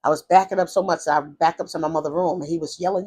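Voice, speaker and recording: A woman tells a personal story in a casual vlog, rambling through fillers and restarts and jumping into high voices when she quotes people. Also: very fast, hardly any pauses, husky. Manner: animated retelling, acting out quoted voices in a high pitch. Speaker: vlogger telling her life story.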